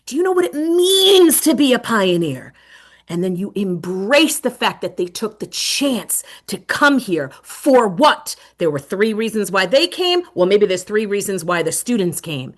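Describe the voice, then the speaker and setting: A middle-aged woman presenting a teacher webinar, animated, with dramatic whispered asides. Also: medium pitch, measured pace.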